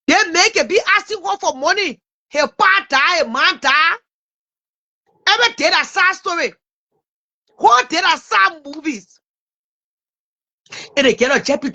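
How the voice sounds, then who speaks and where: A woman hosts a casual livestream in a very high, sharp, bright voice. She talks animatedly to her viewers, repeating herself and stumbling over names as she goes. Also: lively intonation, measured pace, pauses often. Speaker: livestream host.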